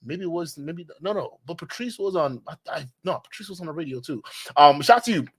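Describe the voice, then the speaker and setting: A Nigerian man hosts a casual livestream as a commentator, reading super chats and shouting out viewers. His voice is husky, slightly high and expressive, and he talks briskly, rambling, joking and laughing often.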